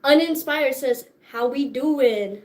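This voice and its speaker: A young woman chats casually on a livestream with a bright, high voice. She talks at an unhurried, drawn-out pace, swearing freely and breaking into laughter often. She sounds tired and sore. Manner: bubbly, profane, laughs often. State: tired and sore after dance class. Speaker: livestream host.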